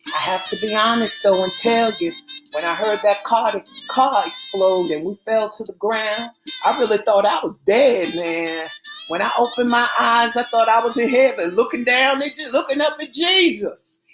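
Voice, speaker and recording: A woman voicing Natasha, a young woman who tells her story in an animated, dramatic way, with Southern slang. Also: a little high, normal speed, over music, natural voice. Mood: excited. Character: young woman, Natasha, tearful then laughing.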